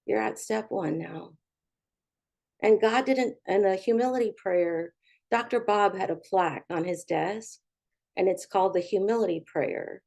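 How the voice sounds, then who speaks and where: A woman's voice: mid-range voice, unhurried, creaky, darkish tone. A middle-aged woman giving a candid, humorous personal recovery testimony, acting out the voices of the people in her story. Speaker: recovery speaker.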